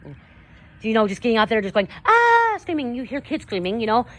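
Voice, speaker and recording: A woman's voice: a little high, brisk. A woman giving earnest spiritual advice in a casual, rambling monologue, often adding "you know" and "okay?". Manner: earnest, coaching tone addressing viewers. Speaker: spiritual content creator.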